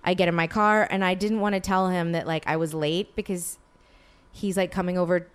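A woman's voice: lowish voice, steady tone, fairly quick, clean tone. A woman hosting a podcast, telling a long rambling story in casual chat with lots of filler words. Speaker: podcast host.

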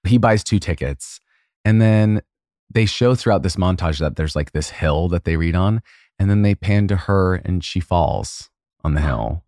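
Deep-voiced man gushing in casual chat. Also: a little mellow, no echo, studio quality. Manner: emotional, gushing storyteller with many fillers. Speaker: podcast co-host.

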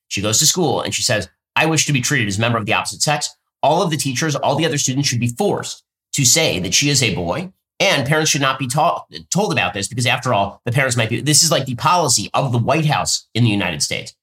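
Bright, fast-talking male commentator. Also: mid-range voice. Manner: emphatic, rapid-fire, sardonic. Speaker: political commentary host. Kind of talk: fast political commentary with ad reads.

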